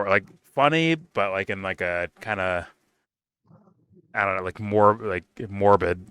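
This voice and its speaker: A man's voice: lowish voice, fairly bright tone, clear, resonant tone, no room sound. A man giving a casual, profane TV review, rambling loosely with lots of "like" and restarts. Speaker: TV show reviewer.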